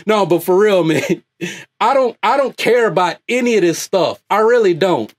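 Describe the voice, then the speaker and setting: A man from the United States, hosting his own online channel with a loud, profane, off-the-cuff rant and frequent laughter. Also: sits high, normal speed. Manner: loud, animated, laughs often. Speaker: YouTube host.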